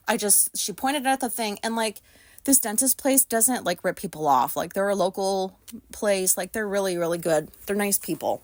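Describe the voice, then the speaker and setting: A woman's voice: mid-range voice, normal speed, no room sound, clean studio sound. A woman from the United States telling an anxious story in a casual vlog, rambling with lots of fillers and swearing. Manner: anxious retelling, voices others in quotes. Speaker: vlogger.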